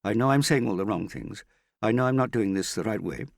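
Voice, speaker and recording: A man's voice: lowish voice, brisk, gravelly, no room sound, clean studio sound, voice pushed up. A man voicing an anxious young woman who confronts a man she suspects of lying, pleading and insistent, her voice rising and breaking. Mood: accusing.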